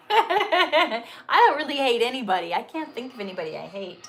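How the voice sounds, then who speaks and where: A woman's voice: sits high, lively intonation, moderate pace, fairly bright tone. A woman hosting a casual Q&A livestream, chatty and upbeat, laughing easily as she reads out questions. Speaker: host and actress.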